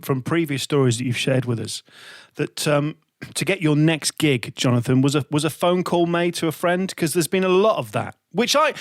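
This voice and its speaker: A man hosting a podcast, asking a guest long, halting questions. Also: on the high side, no room sound, clean studio sound. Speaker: podcast host. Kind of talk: interviewing a guest.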